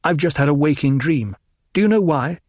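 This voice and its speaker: A man's voice: fairly high pitch, lively intonation, fairly quick, darkish tone, no echo, clean studio sound, voice pushed up. A man reading the part of a gifted young nobleman, bitter and intense, his voice rising as he grows frantic.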